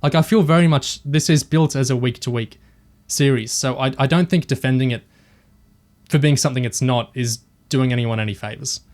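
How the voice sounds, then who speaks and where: A man's voice: mid-range voice, brisk, darkish tone. A man co-hosting a discussion podcast, opinionated and hesitant, often restarting his sentences. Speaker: podcast co-host.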